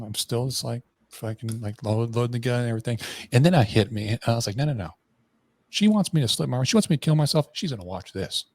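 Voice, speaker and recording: A man's voice: lowish voice, no room sound. A man guest on a podcast, candidly telling a personal story in a blunt, profane way, full of restarts and slang.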